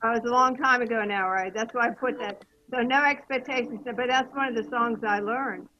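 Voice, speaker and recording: A woman's voice: a little high, fairly even intonation, brisk, lo-fi sound. A woman at an online open mic, chatting in a rambling, self-deprecating way over a video call. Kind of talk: casual chat.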